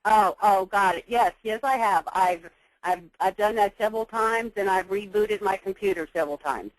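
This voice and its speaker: A woman's voice: medium pitch, moderate pace, low-quality recording. Hesitant woman playing a caller. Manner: hesitant, stammers and asks for repeats. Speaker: caller in a role-play. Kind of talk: customer service role-play.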